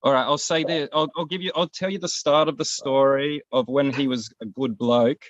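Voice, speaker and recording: A man's voice: mid-range voice, steady tone, normal speed, no echo. A man, co-hosting a casual show and telling a long, rambling, profane story. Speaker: podcast co-host. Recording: dull, lo-fi, dry sound.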